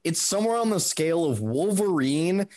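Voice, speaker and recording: Guy cohosting a podcast, kinda high voice that bounces all over, swears a lot, laughs easy. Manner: animated, profane, quick to laugh. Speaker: podcast co-host. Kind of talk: casual chat.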